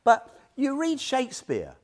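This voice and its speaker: A man's voice: very high voice, a little slow. A man giving an informal Buddhist talk to a small group, telling stories with questions and laughter. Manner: animated storyteller, asks listeners questions, laughs often. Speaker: Buddhist teacher.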